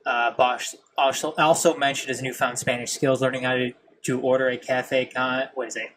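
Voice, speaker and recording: A man's voice: mid-range voice, level tone, normal speed, fairly bright tone, a little hiss or hum. A young man with a nasal Midwestern accent hosting a casual sports podcast, rambling and self-deprecating and tripping over his own words. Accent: Midwestern American. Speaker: podcast host.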